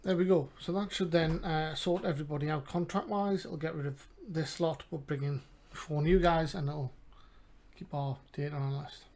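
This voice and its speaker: A man's voice: on the high side, fairly even intonation, moderate pace, darkish tone. A man with an English accent, casually commentating a game and thinking aloud with mumbled asides. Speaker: gaming channel host.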